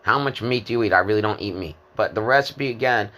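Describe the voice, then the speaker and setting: A man in his fifties talks in a rambling, disjointed monologue. His voice sits a little low but has a bright, forceful edge. He stumbles often, repeating words and filling gaps with "uh". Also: fast talker. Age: 50s. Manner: disjointed, hesitant, many fillers and repeated words.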